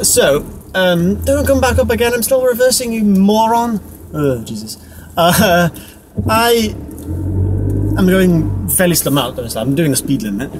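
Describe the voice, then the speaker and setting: A young man talks to camera while driving, loose and self-deprecating, with the odd casual swear. His voice sits a little high. Road and engine noise come through clearly in the car. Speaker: vlogger. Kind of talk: casual driving vlog monologue.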